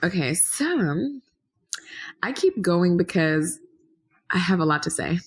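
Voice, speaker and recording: A woman's voice: lowish voice, moderate pace. A woman answering interview questions in an earnest, meandering way, restarting her sentences and rising in energy when she makes a point. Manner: rises animatedly when making a point. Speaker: podcast guest.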